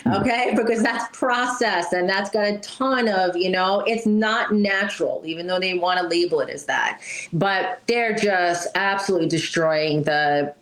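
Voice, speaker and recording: A woman's voice: lowish voice, normal speed, fairly bright tone, echoey room, low-quality recording. A woman speaking as a pet wellness guest in a casual interview, blunt and chatty, often adding "right?" and "you know".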